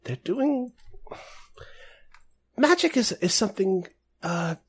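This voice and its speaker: GM doing a nosy clergy woman, conspiratorial and prim, husky with a lively up-and-down voice. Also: medium pitch, slow, voice pushed up, heavily acted. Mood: hushed. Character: gossipy middle-aged woman of the royal clergy.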